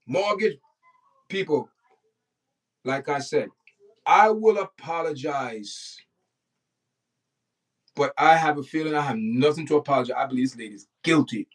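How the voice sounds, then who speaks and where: Man as livestream host, preachy and indignant, slightly raised pitch, a little off the mic. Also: a little slow, pauses often, distant mic. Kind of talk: opinionated livestream commentary.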